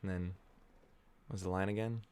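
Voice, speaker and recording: A man giving casual watch-along movie commentary, muttering laid-back reactions with bursts of excitement and casual swearing. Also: low-pitched, moderate pace, clean tone.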